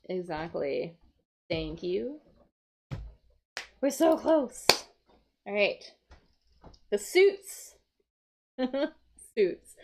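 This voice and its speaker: A woman teaching English vocabulary on a live stream, thinking aloud as she works through crossword clues. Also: mid-range voice. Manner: slow, explaining, thinking aloud.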